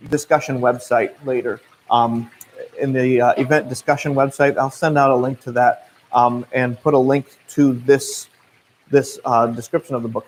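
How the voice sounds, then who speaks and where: A man in his thirties with a Midwestern US accent works as a naturalist guide, fielding viewer questions on a casual livestream. He's relaxed and chatty, full of fillers and restarts, with a medium-pitched voice and a rough recording.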